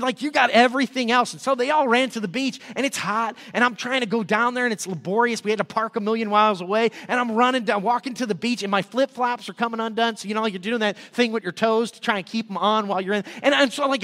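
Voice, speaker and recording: A middle-aged man, a pastor, telling a story in a sermon in a casual, lively way and acting out scenes. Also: very high-pitched. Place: church sanctuary. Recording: long hall reverb.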